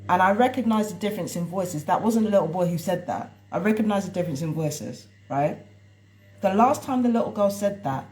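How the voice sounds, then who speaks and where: Woman venting on a live stream from home, low dark-ish voice, rambly and fed up. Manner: rambling, exasperated ranting. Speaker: tarot reader and vlogger. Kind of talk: casual live-stream monologue. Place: at home indoors.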